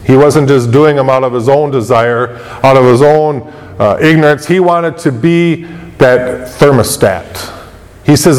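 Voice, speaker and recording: A man's voice: fairly high pitch, fairly even intonation, normal speed, darkish tone. A male pastor preaching a sermon, asking rhetorical questions and repeating his points for emphasis. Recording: long hall reverb.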